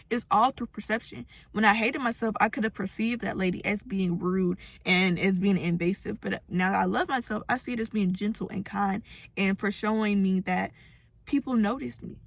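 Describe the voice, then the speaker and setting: A woman's voice: mid-range voice, creaky, no echo. A young woman giving a casual, earnest motivational talk to her followers, acting out the voices of people she quotes. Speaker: self-help vlogger.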